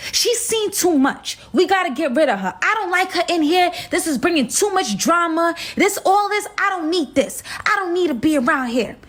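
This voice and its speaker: A woman voicing a brash, jealous young woman who makes loud, confrontational complaints. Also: very high voice, expressive, very fast, pitched above the performer's own voice, full character voice. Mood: dismissive.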